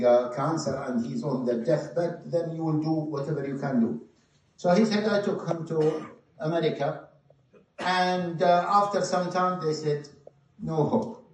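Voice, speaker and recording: A man preaching a sermon, telling a story with passion, shifting between loud stresses and hushed moments. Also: on the high side. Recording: very echoey hall, mic at a distance.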